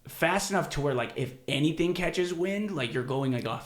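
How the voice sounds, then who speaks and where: A man's voice: fairly high pitch, lively intonation, moderate pace, echoey room. A man hosting a podcast, telling rambling, profane stories in casual chat and laughing often. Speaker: podcast host.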